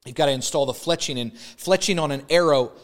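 A man's voice: on the high side, fairly quick. A man preaching a sermon, building emphatic repeated lines and explaining an object lesson. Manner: preaching with rising emphatic repetition; holds up an arrow as a prop. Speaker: pastor.

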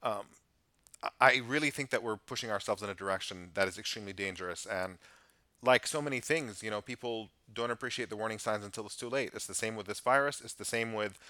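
A man's voice: on the low side, bright, forceful tone, no echo. A man as a podcast guest, talking earnestly and at length in a casual conversation. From United States. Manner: earnest, measured, speaks in long reflective stretches.

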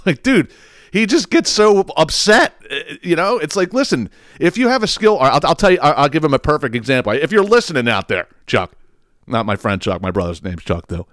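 A man's voice: on the high side, a little fast, dry recording, studio quality. Rambling, laughing male podcast host. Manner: rambling, animated, laughs often, swears. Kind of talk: casual storytelling monologue.

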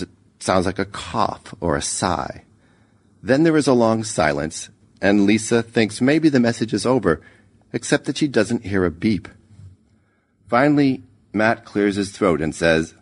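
A man narrating a short story in a measured, even reading. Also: sits low. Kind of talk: scripted narration.

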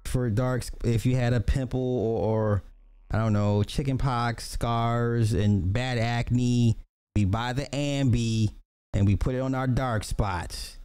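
A man's voice: mid-range voice, fairly even intonation, slow, darkish tone, clean tone. A man hosting a casual reaction commentary, blunt and profane, with joking asides. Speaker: commentary host reacting to clips.

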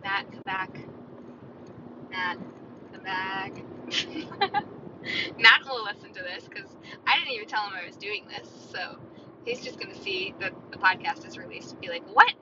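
A woman's voice: mid-range voice, measured pace, long pauses. Rambling woman podcasting from her car. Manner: rambling, chatty, talks to herself. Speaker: podcast host. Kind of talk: solo casual chat. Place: inside a moving car. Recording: muffled, with loud car road noise.

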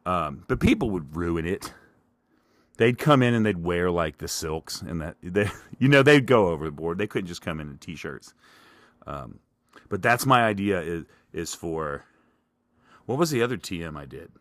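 Deep-voiced guy rambling on his own podcast, dry close mic, jokey and self-deprecating. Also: sing-song, normal speed, fairly bright tone, dry recording. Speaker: podcast host. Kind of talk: solo casual monologue.

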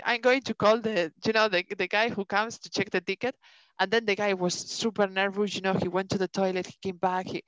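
A woman co-hosting a podcast, telling a story in a casual, animated way, swearing and acting out what people said. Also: mid-range voice, dry recording. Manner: animated, swears a lot, acts out dialogue. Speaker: podcast co-host. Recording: dull lo-fi dry sound.

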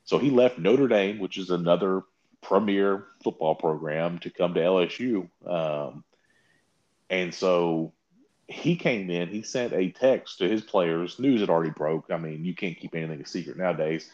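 Very low-voiced man telling stories, casual. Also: moderate pace, muffled recording. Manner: animated storytelling, mocking quotes with big pitch jumps. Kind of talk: casual chat.

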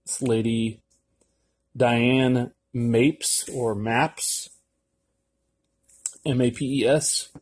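A man's voice: medium pitch, fairly even intonation, very slow, pauses often. A man hosting a casual solo podcast, reading an article aloud in a rambling, offhand way, with many fillers and some cursing. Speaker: podcast host.

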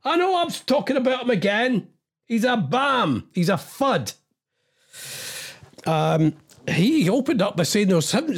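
A man's voice: very high voice, big pitch swings, unhurried. A man hosting a radio show, ranting in an agitated, exasperated, rambling way and jumping between asides in a studio. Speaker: radio host. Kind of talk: rambling on-air monologue.

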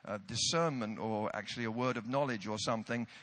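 A man's voice: lowish voice, brisk, fairly bright tone. A British man preaching a sermon, telling a self-deprecating story with comic timing.

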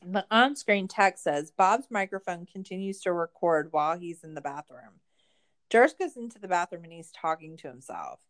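A woman's voice: fairly low pitch, lively intonation, normal speed, a bit bright. A woman casually recapping a documentary episode, chatty and saying "like" a lot as she acts out the quotes. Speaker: podcast co-host.

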